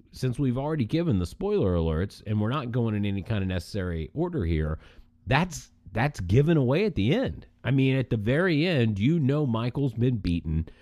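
A man's voice: medium pitch, moderate pace, dry recording, studio quality. A man co-hosting a podcast in casual chat, telling stories with emphatic energy. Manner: animated, emphatic storytelling. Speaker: podcast co-host.

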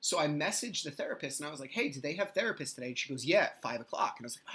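A man's voice: on the high side, very animated, fast, bright, forceful tone. A man in his thirties hosting a solo podcast, telling his story in a candid, profane and exasperated way. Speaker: podcast host.

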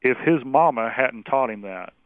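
Brief: a measured male guest, phone-quality audio, dry sound. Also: mid-range voice, lively intonation, dry recording. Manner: measured, explanatory. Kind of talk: conversational interview. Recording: tinny phone line.

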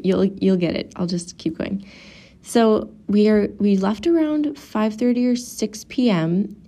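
A young woman and mother with a warm, mid-range voice tells her viewers a travel story. She's casual and chatty, saying "like" a lot and acting out quotes.

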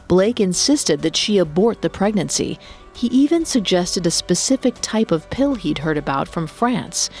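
Low-voiced woman narrating true crime. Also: darkish tone. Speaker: podcast narrator.

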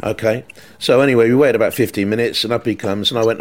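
A man's voice: medium pitch, steady tone, fast. A middle-aged man, a broadcaster and podcast co-host, telling rambling anecdotes with plenty of restarts. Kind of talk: casual storytelling chat.

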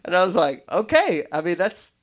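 A man's voice: mid-range voice, normal speed. Man, podcast host, rambling, lots of restarts, casual chat. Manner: rambling, restarts often, animated when telling stories.

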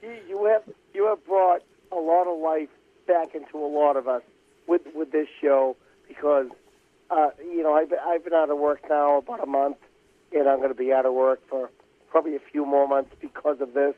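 A man's voice: a little high, steady tone, moderate pace, dry recording. A man with a Boston accent calling in to a radio show, stammering and repeating his words. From Boston area. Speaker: caller. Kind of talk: call-in radio chat. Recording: dull phone line.

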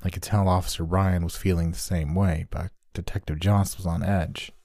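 A man reading a first-person horror story aloud as a scripted narration, in a steady, measured storytelling manner. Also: low-pitched, no room sound, clean studio sound.

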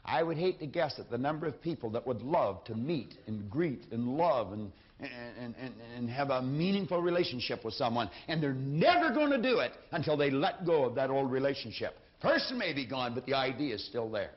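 A man's voice: medium pitch, very animated, a little fast, hardly any pauses. A man giving a motivational lecture from a lectern, speaking emphatically and repeating his key phrases. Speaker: seminar speaker. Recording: dull lo-fi recording.

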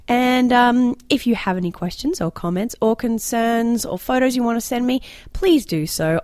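A woman with a Canadian accent hosting a casual political podcast, chatty and quick to laugh. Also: a little high, darkish tone, no echo, clean studio sound. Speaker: podcast host.

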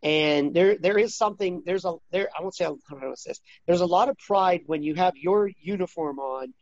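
High-voiced man in a rambling interview. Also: brisk, no echo, dull audio. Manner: rambling, many restarts. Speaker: interview guest. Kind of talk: casual interview chat.

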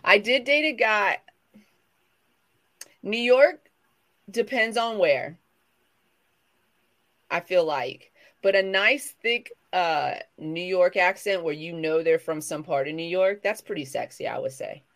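A woman from the American South talks in a loose, chatty way, drifting from one thought to the next and restarting mid-sentence. Her voice sits a touch low for a woman. The feel is a relaxed co-host chatting on a live stream. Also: takes it slowly, long pauses. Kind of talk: casual chat.

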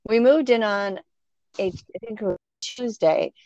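A woman's voice: mid-range voice, moderate pace, no room sound. Middle-aged woman, casual storyteller, acts out quotes, muffled close sound. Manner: animated, acts out quoted voices. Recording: dull, dry sound.

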